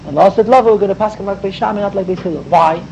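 A man's voice: high voice, racing, vocal fry, darkish tone, highs cut off, a little hiss or hum. A man giving an emphatic Torah class, explaining mystical ideas and mixing in Hebrew and Yiddish terms. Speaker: rabbi teaching Torah.

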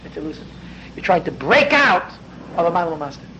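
A man's voice: on the high side, very animated, brisk, bright, forceful tone. A man teaching a Hasidic text class, explaining earnestly and growing more intense as he goes. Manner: earnest, explanatory, dense with Hebrew and Yiddish terms; grows intense and raised toward the end. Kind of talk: spoken study lecture. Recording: dull lo-fi with faint background noise.

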